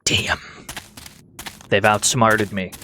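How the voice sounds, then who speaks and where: A man's voice: on the low side, sing-song, very slow, sharp tone, a little hiss or hum. A man giving casual, playful commentary while streaming a game, laughing often and making mock-dramatic remarks. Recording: game music under the voice.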